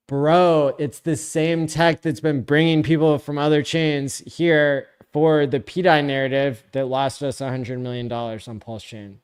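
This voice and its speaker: A man hosting a live stream, reading viewer comments out loud in a blunt, sarcastic, casual way. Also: a little high, fairly even intonation, a little slow, hardly any pauses, clear, resonant tone. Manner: blunt, sarcastic, profane, often laughing.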